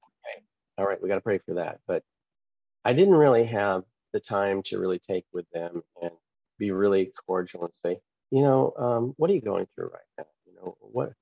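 A man, a pastor and author, telling a testimony in an interview, acting out the quoted dialogue with lively changes of voice. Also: sits low, moderate pace, gravelly, no echo, phone-quality sound. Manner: animated, acts out quoted dialogue.

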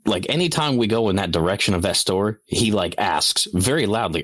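Deep-voiced guy rambling and cussing through family stories, dry close sound. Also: lively intonation, moderate pace, fairly bright tone, dry recording. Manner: rambling, swearing storyteller who laughs a lot. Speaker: podcast co-host. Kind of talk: casual chat.

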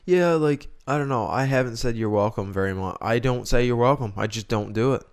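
Here a young man co-hosting a podcast rambles through casual chat, restarting sentences and pondering aloud. He talks fairly quickly in a mid-range voice.

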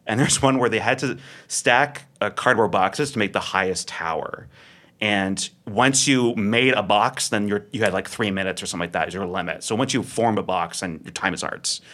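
A man chatting casually as a superfan guest, retelling funny moments with animated quotes and laughter. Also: on the low side, normal speed. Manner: animated storytelling, acting out quotes, frequent laughter. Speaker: podcast guest, show superfan. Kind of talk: casual chat.

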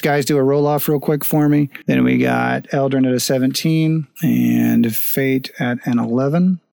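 A man's voice: mid-range voice, vocal fry, darkish tone, clean tone, dry recording. Dry-sounding man running the game. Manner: brisk, matter-of-fact rulings. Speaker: game master.

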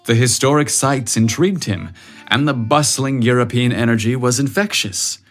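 A man narrating an audiobook story in a measured, even way. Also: mid-range voice, faint music behind.

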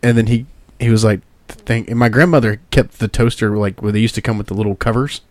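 A man's voice: fairly low pitch, steady tone, fast talker, darkish tone, dry recording. A man telling a family story in a casual podcast chat, acting out his relatives' voices.

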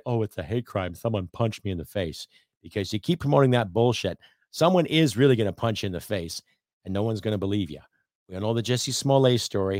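A middle-aged Canadian man hosting his own podcast, ranting bluntly and profanely, swinging from loud outbursts to low muttering. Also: dry recording, studio quality. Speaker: podcast host. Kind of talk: opinionated rant.

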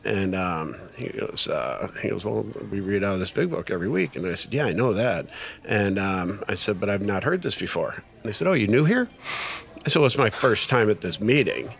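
Low-voiced man telling a story. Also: brisk, creaky. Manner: animated retelling with quoted dialogue, many fillers. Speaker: guest sharing recovery story. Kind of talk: casual storytelling conversation.

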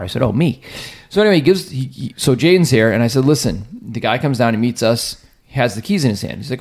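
A man's voice: mid-range voice, vocal fry. A man, hosting a podcast and telling a rambling story, acting out what people said. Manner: rambling storyteller, quick and animated, acts out quotes. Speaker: podcast host. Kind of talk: casual chat.

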